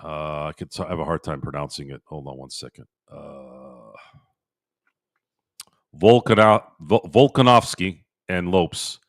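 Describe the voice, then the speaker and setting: A man with a low voice hosts a live sports stream from his home setup, chatting loosely with viewers. He rambles and doubles back on his words. His voice sounds dry and close to the mic. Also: lively intonation, a little slow, long pauses, dry recording. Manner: rambling, repeats himself, talks to chat by name. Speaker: sports podcast host. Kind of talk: casual live-stream chat reading viewer comments. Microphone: streaming microphone.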